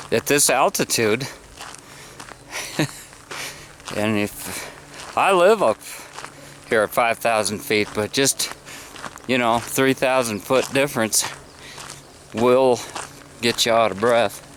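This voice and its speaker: A man's voice: mid-range voice, takes it slowly, long pauses, a bit bright, a little hiss or hum. A man vlogging casually outdoors by a mountain lake, easygoing and chuckling as he talks. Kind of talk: casual outdoor vlog talk.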